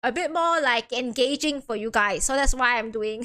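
A woman's voice: a little high, moderate pace, sharp tone. A young woman streaming a game, chatting casually, giggly and apologetic, often trailing off and repeating herself.

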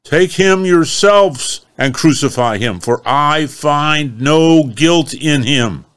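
A man's voice: medium pitch, animated, slow pace, pitched above the performer's own voice. A man voicing an anxious Roman governor, speaking raised and insistent in a scripture reading.

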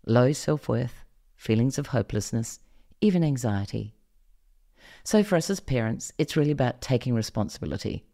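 A woman's voice: very deep voice, expressive, moderate pace, creaky, warm tone. A middle-aged woman from Australia hosting a parenting podcast, delivering a scripted monologue expressively and asking the listener direct questions. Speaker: podcast host.

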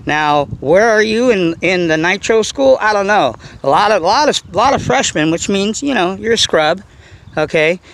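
Man, RC vlog host, somewhat high voice, rambling, lots of fillers, faint outdoor hiss. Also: expressive, moderate pace, vocal fry, fairly bright tone, rough recording. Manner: rambling, repeats himself, fillers like you know. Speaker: RC car vlogger. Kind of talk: casual rambling vlog talk.

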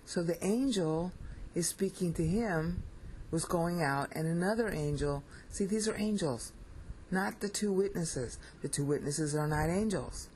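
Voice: mid-range voice, unhurried, a little mellow, slight background noise, rough recording. Blunt, emphatic Bible study teacher. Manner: blunt and emphatic, asks "okay?" often.

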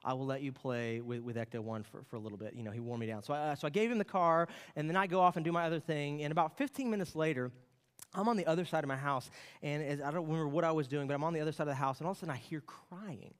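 Storytelling pastor in a reverberant church hall. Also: male voice, a little high, rapid-fire, smooth. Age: late 30s. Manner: storytelling, animated, acts out his son's voice. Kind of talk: sermon. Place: church sanctuary.

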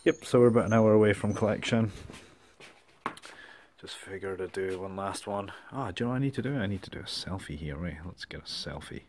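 A man's voice: sits low, fairly quick, a little mellow, a little hiss or hum. A man vlogging casually to his camera at home and in his garage, chatty and self-mocking. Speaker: motorcycle vlogger. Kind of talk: casual vlog chat to camera.

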